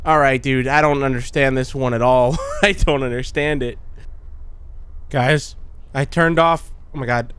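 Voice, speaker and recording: A man's voice: medium pitch, fairly even intonation, unhurried, a bit bright, slight background noise. A young man giving casual, chatty commentary while playing a horror game, often calling out "dude" and shrieking when startled. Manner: jumpy, chatty, calls viewers "dude". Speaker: gaming YouTuber.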